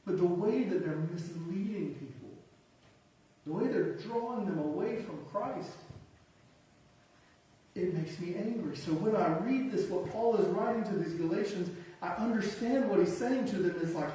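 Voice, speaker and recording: Male pastor preaching, high-pitched, mellow tone, emphatic, heard from far off in a very echoey hall. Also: normal speed. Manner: emphatic, builds to punchy one-word lists; self-deprecating, conversational asides. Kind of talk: sermon.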